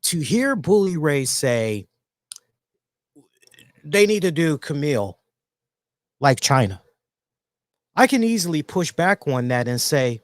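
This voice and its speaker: A man hosting a solo wrestling review, talking in an animated, emphatic way and repeating words for emphasis. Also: fairly high pitch, takes it slowly, pauses often, dry recording. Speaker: wrestling show reviewer, host.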